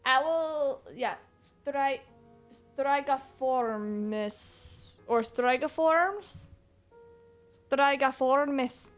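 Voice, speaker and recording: A woman with a high, fairly bright voice streams a video game, chatting in an unhurried, casual way. She's playful and rambling, chuckling to herself over faint game music.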